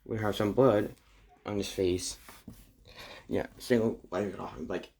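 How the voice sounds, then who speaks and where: Husky, slow-talking man making up a fan story, halting delivery. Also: on the low side, steady tone, darkish tone. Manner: halting, filler-heavy, many restarts. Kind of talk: improvised fan fiction narration.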